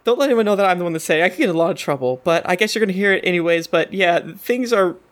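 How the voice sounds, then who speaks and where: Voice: mid-range voice, lively intonation, very fast, lightly acted. A game master voicing a nervous young female Warforged attendant who rambles and corrects herself mid-sentence. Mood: anxious. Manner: rambling, flustered, self-correcting.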